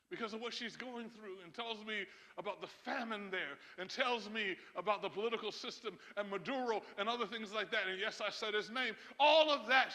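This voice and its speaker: In a church sanctuary with long hall reverb, a male pastor preaches emphatically to his congregation, chuckling and tossing asides to listeners. His voice is high-pitched and sharp.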